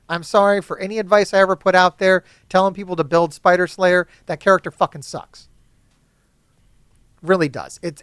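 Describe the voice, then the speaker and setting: A man giving casual gameplay commentary to his chat, swearing often and ranting excitedly about characters. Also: high voice, clean tone, no room sound. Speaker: gaming YouTuber.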